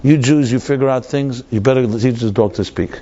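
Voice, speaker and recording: Rich, dim nobleman, quick to anger, blustering demands; male storyteller's voice; muffled audio. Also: medium pitch, dark tone, close to an everyday voice. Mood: demanding.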